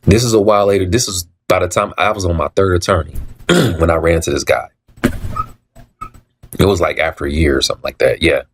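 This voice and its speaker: In a casual monologue, a low-voiced man tells his own story at a brisk pace, broken by long pauses. He repeats himself for emphasis, acts out quoted dialogue and often clears his throat.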